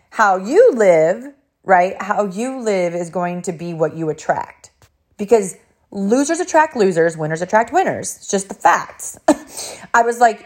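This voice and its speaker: Animated woman coach telling a story. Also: mid-range voice. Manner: energetic storytelling, often laughing. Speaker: life coach. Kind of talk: motivational talk to camera.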